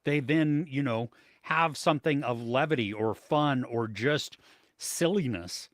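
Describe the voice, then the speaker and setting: Man, podcast co-host, loose rambling delivery with plenty of ums, mid pitch, dry close sound. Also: a little slow, fairly bright tone, no room sound. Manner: rambling, many fillers and restarts. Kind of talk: casual chat about movies and shows.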